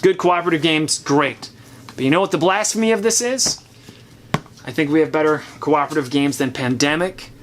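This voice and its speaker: A man's voice: on the high side, fairly quick, fairly bright tone, slight background noise. A man hosting a casual chat, giving opinionated, chatty takes while thinking aloud. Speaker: host. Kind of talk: casual chat reviewing board games.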